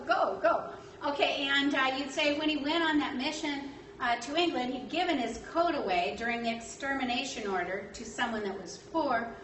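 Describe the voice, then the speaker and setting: A woman telling a history story in a lively way, acting out the quotes and using lots of fillers. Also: high voice. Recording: echoey room, distant mic, faint noise.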